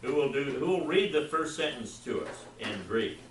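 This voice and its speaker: Male teacher, encouraging, drills pronunciation; bright tone, roomy distant mic. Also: a little high, expressive, normal speed, a little hiss or hum. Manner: encouraging, repeats words for the class to echo. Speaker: Greek teacher. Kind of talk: classroom lesson, drilling pronunciation. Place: classroom. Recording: roomy classroom, recorded from afar.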